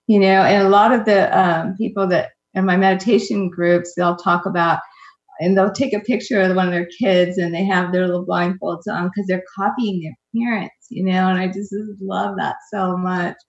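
Woman guest, low-ish voice, gushing and warm, echoey dull remote audio. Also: steady tone, moderate pace. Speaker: guest, meditation group leader. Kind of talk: casual chat.

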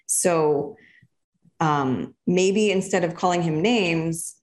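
A woman's voice: on the low side, takes it slowly. A woman guest in an interview who speaks reflectively and explains her points with examples. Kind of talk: casual interview conversation.

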